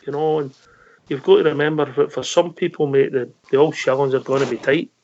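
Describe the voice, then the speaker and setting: A man hosts a fan phone-in with a gravelly, slightly high voice. He talks bluntly, often hesitates with ums, and calls callers mate. The sound is lo-fi and dull. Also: steady tone, fairly quick, a little mellow, a little hiss or hum. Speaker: phone-in host. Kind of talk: casual radio phone-in chat. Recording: lo-fi online radio audio.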